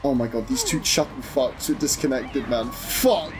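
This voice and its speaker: A young man commentating his own live game stream, excitable, swearing and chatting to viewers over game music. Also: mid-range voice, normal speed.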